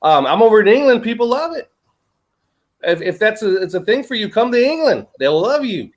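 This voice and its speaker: A man with a Southern US accent, talking in an animated, rambling way in a casual chat. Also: sits high, a little fast. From United States. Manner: animated, rambling, laughs between points.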